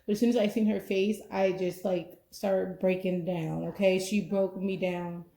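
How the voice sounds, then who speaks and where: A woman's voice: mid-range voice, steady tone, moderate pace, vocal fry, dark tone. A young adult woman hosting a podcast, chatting casually in a rambling way, full of "like" and "you know". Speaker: podcast host. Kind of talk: casual chat.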